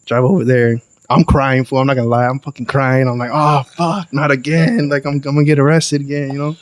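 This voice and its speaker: A young man, a podcast guest telling a wild story in a lively, profane, slangy way. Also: mid-range voice, fast, smooth. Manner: animated, profane, slangy storytelling with acted quotes. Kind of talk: casual storytelling.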